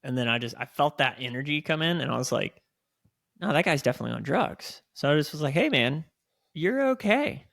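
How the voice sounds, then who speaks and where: Gravelly-voiced man telling lively stories. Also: medium pitch, fast talker, no room sound, clean studio sound. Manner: animated storyteller, swears casually. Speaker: podcast co-host. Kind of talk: casual chat.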